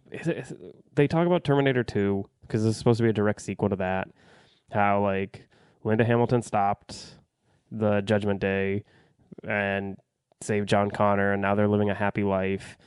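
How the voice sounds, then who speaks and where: A man with a lowish, smooth voice rants through a movie review with blunt swearing and lots of fillers. He is recorded close and dry, with no room sound. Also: fairly even intonation, normal speed, a little mellow, no echo. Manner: blunt, profane, rambling with fillers. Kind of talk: casual spoken review.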